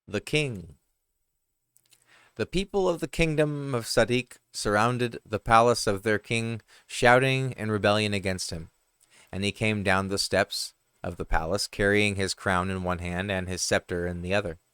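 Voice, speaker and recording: Male reader for parables; deep, unhurried, occasional slips. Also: a bit bright, clear, resonant tone, no room sound. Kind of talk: reading parables aloud.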